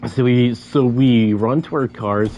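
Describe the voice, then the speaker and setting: Young man, casual storyteller with a stammer, average pitch, light hiss behind him. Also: steady tone, unhurried, a little mellow, low-quality recording. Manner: stammers, repeating syllables many times.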